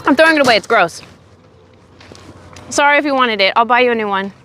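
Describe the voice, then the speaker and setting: A high-pitched young woman streams from a windy park, chatting with her viewers and sounding a bit sick and tired. She talks in a sassy, rambling way. Faint outdoor ambience runs behind her phone mic. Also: lively intonation, fast talker, pushed and bright. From Oregon, USA. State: sick, low energy. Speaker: livestreamer. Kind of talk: casual chat with live chat. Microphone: phone on a selfie stick.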